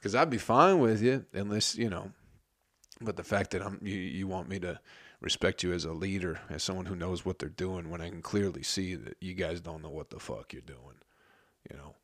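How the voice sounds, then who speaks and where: A man's voice: low voice, normal speed, a bit bright, no room sound, studio quality. A man who works in a restaurant kitchen, telling a story as a heated, profane rant.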